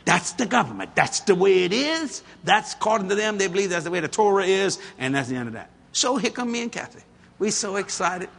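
A folksy, middle-aged male preacher tells stories from the pulpit. His voice is bright and forceful and swoops up and down with energy. He laughs often at his own tales. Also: high-pitched, sing-song, fairly quick, gravelly. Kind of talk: storytelling sermon.

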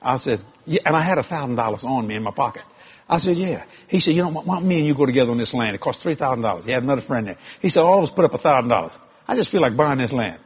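A man preaching a sermon to a congregation, with emphatic stresses and sudden high shouted climbs. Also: expressive, very fast, breathy edge, muffled recording.

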